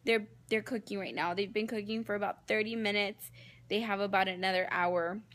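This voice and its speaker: Cooking at home and filming on her phone camera, a young pregnant woman talks to her viewers as if they were family in a casual vlog. Her voice is mid-range, steady and a bit bright, moving at a brisk pace.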